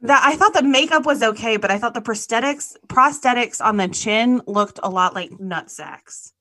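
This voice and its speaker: A woman's voice: on the high side, normal speed, pushed and bright, dry recording. A woman co-hosting a casual movie podcast, playful and teasing, with lots of "like" fillers. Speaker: podcast co-host.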